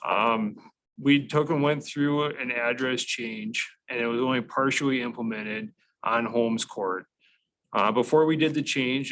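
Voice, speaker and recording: A man's voice: medium pitch, a bit bright, a little hiss or hum, poor audio. Methodical man explaining at a meeting. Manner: methodical, many fillers and restarts. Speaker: county staff presenting to a committee.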